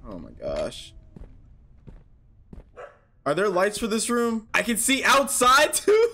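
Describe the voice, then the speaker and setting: A man with a high, bright voice works through a horror game out loud. His pitch swings widely as he mutters to himself, curses, and breaks into startled yelps. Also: wildly swooping pitch, slow, pauses often. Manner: jumpy, talks to himself, swears, yelps and shouts when startled. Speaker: gaming YouTuber.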